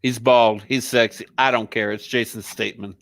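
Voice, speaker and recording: A man's voice: medium pitch, normal speed, creaky, no echo. A male podcast co-host in casual chat, heated and swearing freely. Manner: profane, heated, animated.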